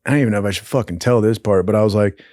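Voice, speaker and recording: A man's voice: lowish voice, rapid-fire, a little mellow, dry recording, studio quality. A man telling a rambling, profane story in casual talk, laughing often along the way. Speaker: storyteller host.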